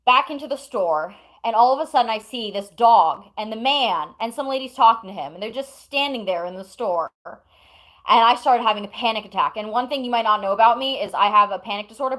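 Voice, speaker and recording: A woman's voice: a little high, a bit bright, low-quality recording. A woman streamer at home telling chat a long story in a casual, rambling way, breaking off to talk to chat and her pets.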